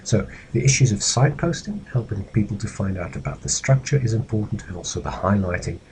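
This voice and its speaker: Deep-voiced man lecturing, faint hiss. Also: animated, fairly quick, a little mellow, low-quality recording. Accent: Belgian Dutch-speaking. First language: Dutch. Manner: explanatory, acts out example phrases. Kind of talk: recorded lecture on presentation skills.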